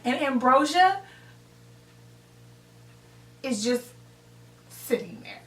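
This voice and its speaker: A young woman with a fairly high, bright voice tells a story in a casual, animated way, swearing freely as she acts out the scene. She takes her time, and the room echoes around her because she sits back from the mic. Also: extremely slow, distant mic. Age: young adult. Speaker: vlogger telling a story.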